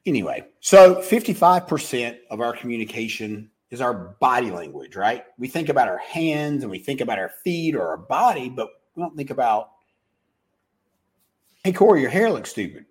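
Animated husky man giving business advice. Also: mid-range voice, moderate pace, few pauses. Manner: animated, acts out phone calls in voices. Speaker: business speaker.

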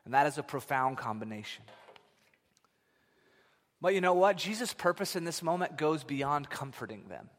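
A man in his thirties preaching a sermon, telling stories in an animated way that swings from loud to hushed. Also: a little high, normal speed, pauses often. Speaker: pastor. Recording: long reverb of a large hall.

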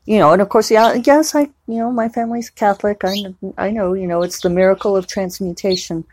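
A woman's voice: mid-range voice, a little fast, darkish tone, no room sound. A woman novelist chatting casually at home in a rambling, digressive way, with plenty of fillers. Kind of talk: casual vlog chat.

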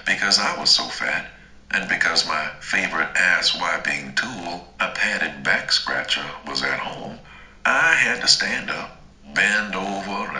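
A man narrating a first-person story in a slow, dramatic, deliberate way. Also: low-pitched, bright, forceful tone, echoey room, low-quality recording. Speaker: audiobook narrator.

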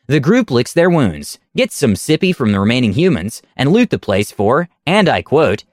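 A man reading a story aloud at a close mic, with wry, deadpan asides. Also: mid-range voice, fairly quick, few pauses, dry recording.

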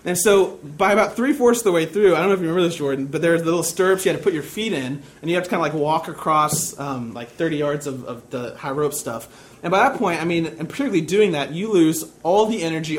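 A man's voice: a little high, lively intonation, fast talker. A young man preaching a sermon, telling a personal story in a casual, self-deprecating way.

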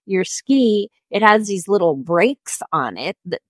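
Lively, laughing woman podcast co-host. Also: medium pitch, takes it slowly, dry recording. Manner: animated, laughing often, with self-interruptions. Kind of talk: casual storytelling.

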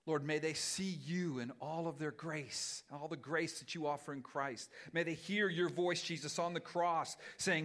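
A male pastor preaching and then leading a prayer, rising to loud fervent passages and dropping to hushed, whispered pleas. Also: fairly high pitch, moderate pace, hardly any pauses.

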